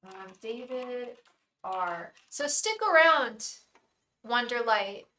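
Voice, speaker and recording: A woman's voice: fairly high pitch, lively intonation, takes it slowly, sharp tone, roomy sound. A woman hosting a live tarot stream, chatting effusively with viewers, greeting them by name and stopping to restart her sentences. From England. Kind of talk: casual live-stream chat.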